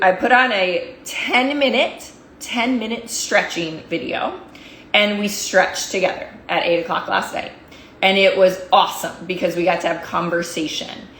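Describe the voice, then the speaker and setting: A woman's voice: medium pitch, sharp tone, a little hiss or hum. A woman coach giving an emphatic, fired-up motivational talk, repeating phrases to drive her points home. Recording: roomy echo.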